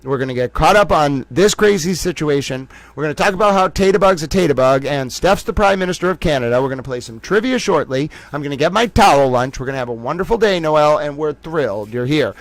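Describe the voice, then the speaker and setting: Animated man hosting a jokey livestream. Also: fairly high pitch, quick pace, few pauses, no echo. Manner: animated, jokey, calls himself a little towel; talks to chat viewers by name. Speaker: livestream host. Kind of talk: casual livestream chat.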